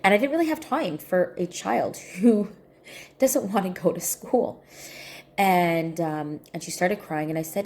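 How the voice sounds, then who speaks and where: A woman speaks to her viewers in a relaxed, personal way, with a somewhat low voice and a warm, mellow tone. She is earnest and circles back to repeat the points she wants to stress. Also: a little slow. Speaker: spiritual healing coach. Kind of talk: casual personal reflection to camera.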